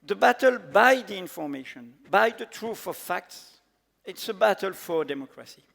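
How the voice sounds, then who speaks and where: A man with a French accent, a native French speaker, giving an earnest, emphatic panel talk in halting English with many fillers. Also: high-pitched, expressive, creaky, a bit bright. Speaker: panel speaker, editor-in-chief. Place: large conference hall. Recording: echoey conference hall.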